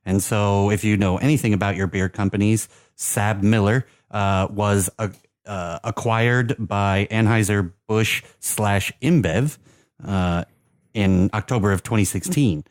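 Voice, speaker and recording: Podcast co-host, man, low voice, dry close sound, rambling with fillers. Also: measured pace, dry recording. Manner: rambling, hesitant, many fillers. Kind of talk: casual chat about beer and soccer.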